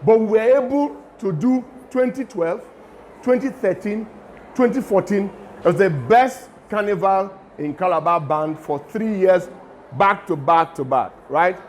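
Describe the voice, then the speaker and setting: A middle-aged man with a Nigerian accent lectures students in a lively way and drops pidgin asides into his talk. His voice sits high for a man. A faint hum of room noise stays behind him. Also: a little slow. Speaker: guest lecturer.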